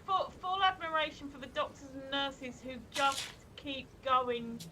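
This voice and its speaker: Bright high-voiced chatty woman. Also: unhurried, poor audio. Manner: chatty, rambling with fillers and restarts. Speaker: co-host of a live stream show. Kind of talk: casual live-stream chat. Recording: faint background noise.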